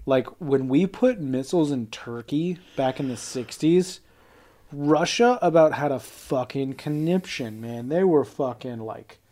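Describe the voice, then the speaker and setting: A man's voice: mid-range voice, animated, unhurried, dark tone. A man co-hosting a casual chat, rambling and swearing as he tells stories and mimics people mockingly. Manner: rambling, profane, storytelling with mocking quoted voices. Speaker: podcast co-host.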